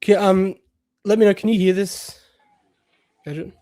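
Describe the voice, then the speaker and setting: A man's voice: sits high, fairly even intonation, a little slow, mellow, no room sound, studio quality. A man hosting a livestream, talking casually with many fillers and restarts. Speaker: host.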